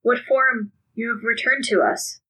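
A woman's voice: a little high, unhurried, bright, forceful tone, husky, full character voice, rough recording. A woman voicing an obedient military cyborg that speaks in formal, clipped phrases.

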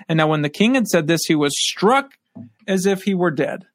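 A man's voice: high voice, animated, fast talker, no room sound, studio quality. A man teaching a scripture lesson, reading verses aloud and then commenting on them.

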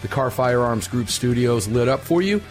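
A man's voice: mid-range voice, animated, moderate pace, faint music behind. Brash, joking talk radio host man. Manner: brash, joking, repeats himself. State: tired after an overnight flight.

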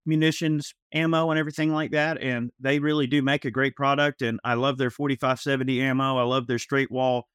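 A man co-hosting a panel show, talking in a measured way full of "uh" and "you know". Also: mid-range voice, flat delivery, fairly bright tone, clear, resonant tone, no room sound, clean studio sound. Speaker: podcast co-host. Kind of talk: casual panel chat.

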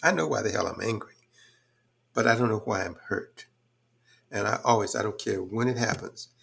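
A man's voice: lowish voice, moderate pace, vocal fry, fairly bright tone, husky. An older man speaking as a podcast guest in a reflective, thoughtful way, with frequent fillers. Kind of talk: reflective conversational talk.

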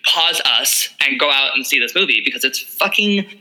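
A man's voice: mid-range voice, animated, normal speed, sharp tone, low-quality recording. A man with a Long Island accent co-hosting a podcast, gushing in casual chat and swearing freely. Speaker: podcast co-host.

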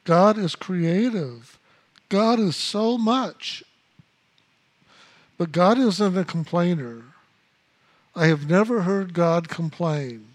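A man with a notably high voice gives a spiritual teaching talk. He speaks slowly and deliberately, repeating phrases for emphasis and dropping in blunt asides.

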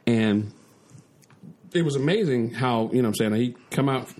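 A man's voice: medium pitch, moderate pace, darkish tone. A middle-aged man co-hosting a podcast, chatting casually and rambling with lots of restarts. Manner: rambling, with many restarts and "you know what I'm saying". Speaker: co-host.

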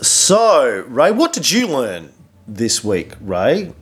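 A middle-aged man hosting a podcast, chatting casually late at night in a hotel room, a little hoarse and rambling with many fillers and restarts. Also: medium pitch, huge pitch swings, slow. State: losing his voice. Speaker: podcast host.

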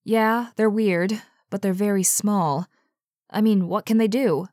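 A woman's voice: medium pitch, fairly even intonation, measured pace, darkish tone, no room sound, studio quality, natural voice. A woman reading as a curious, reckless young woman. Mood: dismissive. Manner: eager and dismissive of danger.

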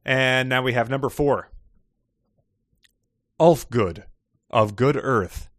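A man's voice: medium pitch, takes it slowly, fairly bright tone, dry recording, clean studio sound. A man hosting a casual podcast chat, reading passages aloud with expression and laughing often. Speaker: podcast host reading excerpts.

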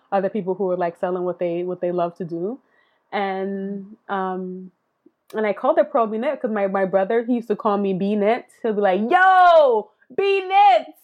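Female interview guest, chatty maker, lots of fillers, mid-range pitch. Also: narrow, tinny audio. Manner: chatty, laughs often, filler-heavy. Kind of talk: casual interview chat.

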